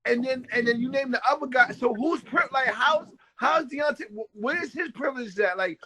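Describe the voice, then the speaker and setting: A man's voice: extremely high pitch, moderate pace, bright, forceful tone, husky, poor audio. A man hosting a boxing talk panel, breaking in with questions and filler words in casual debate. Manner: questioning, interjects with "like" and "time out".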